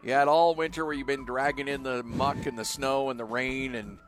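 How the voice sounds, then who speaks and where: A man's voice: medium pitch, fairly even intonation, moderate pace, fairly bright tone, soft background music. A man co-hosting a casual talk show, teasing his partner and asking skeptical questions. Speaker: radio co-host. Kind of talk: casual chat.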